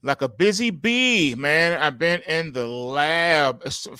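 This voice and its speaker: Bright, laid-back male co-host. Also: fairly high pitch, lively intonation, slow pace, clear, resonant tone, dry recording. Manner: laid-back, calls people man and brother. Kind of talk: casual livestream chat.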